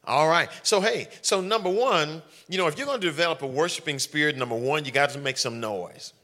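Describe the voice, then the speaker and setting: A man's voice: on the high side, fairly quick, bright, forceful tone. A man preaching as a pastor, teaching and reading scripture with frequent "all right" and "watch this" to the congregation. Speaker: senior pastor. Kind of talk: teaching sermon during corporate prayer.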